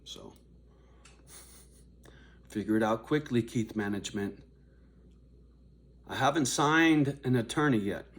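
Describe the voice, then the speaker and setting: An older man vlogging to his viewers in a confrontational, profane rant, dropping to low mutters and then rising to raised shouting. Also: slow pace, pauses often. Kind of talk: angry direct-to-camera rant.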